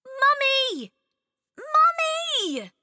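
Storybook kid: woman playing a sulky little girl, very high, whiny, dry close sound. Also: animated, slow, bright, forceful tone, dry recording, full character voice. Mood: pleading. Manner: whiny, high-pitched protests. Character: little girl, grumpy and impatient.

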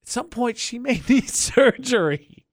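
A man's voice: extremely high pitch, expressive, measured pace, dry recording, clean studio sound. A man hosting a radio show, chatty and often laughing, talking through a call-in segment. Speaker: radio host. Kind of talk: casual radio banter.

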